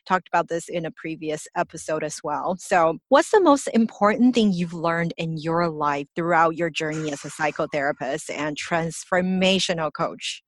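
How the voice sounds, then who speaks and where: A woman hosts a podcast interview in a fairly low voice. The sound is dry and close, and she affirms what her guest says before asking the next reflective question. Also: moderate pace, hardly any pauses, no room sound. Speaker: podcast host.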